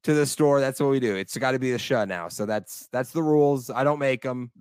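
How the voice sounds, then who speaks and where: A young American man co-hosting a casual sports podcast, talking with animated enthusiasm and laughing easily. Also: mid-range voice, a little fast, clean tone, no room sound. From United States. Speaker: podcast co-host.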